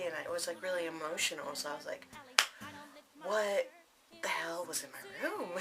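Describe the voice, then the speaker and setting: A woman's voice: lowish voice, bright, forceful tone. A young adult woman vlogging, telling a personal story to camera in a candid, casual way with plenty of fillers. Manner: candid, frequent fillers and asides.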